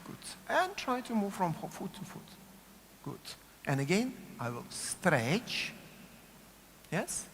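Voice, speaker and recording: A man with a Russian accent leads a dance class, calling out movement cues in a slow, sing-song way, his pitch rising and falling widely. He keeps checking in with the group as he coaches. His voice rings with the long reverb of a big studio, with faint room noise underneath. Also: wildly swooping pitch, fairly bright tone. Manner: coaching rhythmically, repeats cue words, asks "yes?" often. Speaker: dance teacher. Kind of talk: dance workshop instruction.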